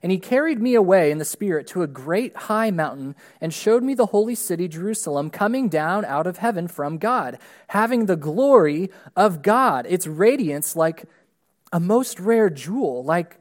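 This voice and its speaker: A man, a pastor, reading a long scripture passage aloud to his congregation during a church service, measured and steady with emphatic rises on key words. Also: sits high.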